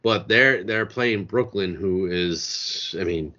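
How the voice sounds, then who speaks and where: A man's voice: deep voice, slow pace, pushed and bright. A man with a New England accent from Maine, co-hosting a casual sports podcast, telling stories animatedly and swearing freely. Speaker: podcast co-host. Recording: dull lo-fi audio.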